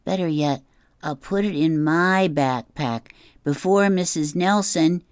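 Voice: medium pitch, slow, clean tone, dry recording, clean studio sound, pitched above the performer's own voice, natural voice. A reader voicing a schoolboy, fretting about classmates teasing him, in a raised voice. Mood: fretful. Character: schoolboy embarrassed by a lovey mosaic.

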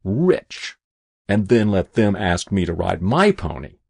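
A man's voice: sits low, big pitch swings, normal speed, breathy edge, no room sound, clean studio sound, full character voice. A man voicing a proud, defiant young boy from a poor family who speaks stubbornly.

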